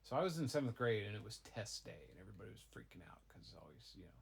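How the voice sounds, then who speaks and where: A middle-aged man, a father improvising a goofy tall tale for his child, rambling with deadpan asides. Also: fairly low pitch, rapid-fire, gravelly, husky. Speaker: father telling a bedtime-style story.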